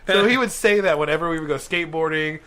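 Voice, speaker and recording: A man's voice: a little high, fast, pushed and bright. A young man from Virginia, a podcast host telling casual stories and laughing often. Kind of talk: casual storytelling chat.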